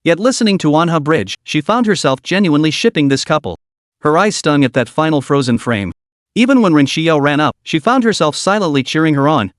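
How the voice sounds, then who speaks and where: A man narrating a web novel in an even, steady reading voice. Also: on the high side, a little fast, no room sound, studio quality.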